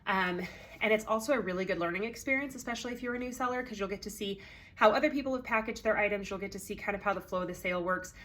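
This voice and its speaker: A woman's voice: medium pitch, very fast, fairly bright tone. A woman organizing a consignment sale, talking casually to sellers, with many ums, a little congested and out of breath. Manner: chatty, friendly, many ums.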